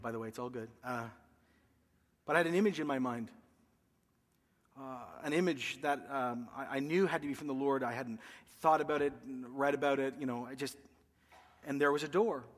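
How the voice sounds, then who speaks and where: A man's voice: medium pitch, a bit bright, big-room sound. A man, a pastor, earnestly telling a personal story in a sermon, his voice rising when he quotes himself. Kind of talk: sermon testimony.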